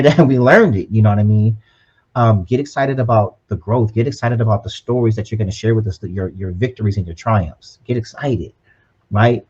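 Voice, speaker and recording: A man's voice: fairly low pitch, a little mellow, slightly rough, muffled recording. A man co-hosting a podcast in an upbeat, preachy tone, often tagging "right?" onto his points. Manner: upbeat, preachy, often adds "right?" and "you know what I'm saying". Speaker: podcast co-host. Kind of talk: casual motivational podcast chat.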